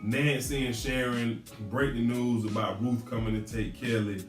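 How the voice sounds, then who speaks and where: A man's voice: mid-range voice, normal speed, distant mic. A man casually recapping a TV episode, exclaiming at the characters and laughing as he talks. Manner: animated, exclaims at the characters, laughs while talking. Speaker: TV show reviewer. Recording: echoey room, off-mic, faint music.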